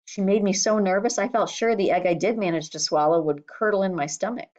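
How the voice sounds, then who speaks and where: A woman reading a children's novel aloud in a steady, expressive storytelling manner. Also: medium pitch, brisk, highs cut off. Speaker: audiobook reader.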